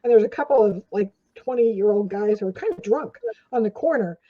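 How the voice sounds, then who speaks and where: An older woman with a mellow, mid-range voice talks a little fast and expressively. She's a guest in a casual storytelling interview, drifting through anecdotes with many fillers, recorded in dull lo-fi audio.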